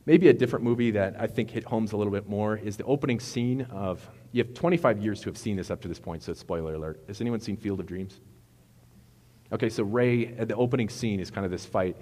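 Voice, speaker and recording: A man preaching a sermon in a relaxed, conversational way, retelling movie scenes and correcting himself as he goes. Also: lowish voice, fast. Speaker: pastor. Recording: long reverb of a hall.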